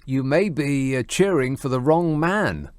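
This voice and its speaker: A man's voice: mid-range voice, animated, measured pace, a little mellow, smooth, no echo. A man hosting a radio phone-in, dry and self-mocking, with plenty of ums and uhs. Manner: dry, self-mocking, hesitant with many fillers. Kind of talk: late-night radio phone-in. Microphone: studio microphone.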